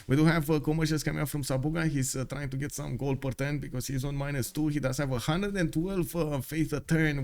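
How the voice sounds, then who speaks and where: A man's voice: mid-range voice, a little mellow. Male stream caster, mid-range voice, chatty, filler-heavy play-by-play. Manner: frequent "uh" fillers, casual chatty asides to viewers. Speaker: stream caster for a strategy game tournament. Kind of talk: live esports commentary on a stream.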